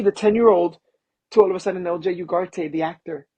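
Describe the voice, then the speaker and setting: A man being interviewed as a guest, a film producer telling animated personal stories and acting out what people said. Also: sits high, brisk, husky, no room sound, lo-fi sound. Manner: animated storyteller who acts out quotes. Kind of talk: casual interview storytelling.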